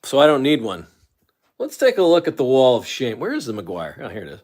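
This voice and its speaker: A man's voice: medium pitch, wildly swooping pitch, brisk, a little mellow. A man hosting a casual live stream who rambles, reads viewer comments aloud and walks around his room while he talks. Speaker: livestream host. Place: room at home with an autograph wall.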